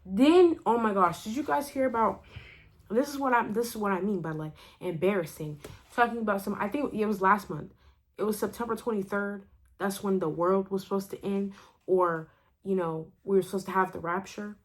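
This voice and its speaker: A young woman rants casually into her camera, rambling and restarting her sentences as she goes. Her voice sits at an ordinary middle pitch, lively and full of fillers, with laughs breaking in between phrases. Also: moderate pace. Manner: animated, rambling, many "like" fillers and self-interruptions. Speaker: vlogger.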